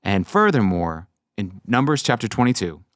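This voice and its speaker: A man hosting a casual faith podcast, animatedly telling stories and acting out quotes in high voices. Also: big pitch swings, moderate pace, no room sound, clean studio sound. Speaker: podcast host. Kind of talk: casual chat about faith.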